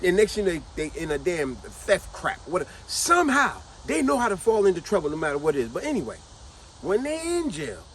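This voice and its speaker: A woman's voice: lowish voice, a little hiss or hum, rough recording. A middle-aged woman giving casual commentary to her vlog audience, emphatic and repetitive, stretching out words to drive her points home. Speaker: vlogger.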